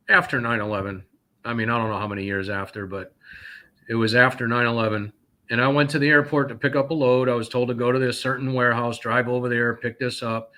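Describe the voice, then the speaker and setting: Bright and forceful in a mid-range voice, this North Carolina trucker calls in as a guest to tell stories. He rambles indignantly and leans heavily on fillers throughout the casual exchange.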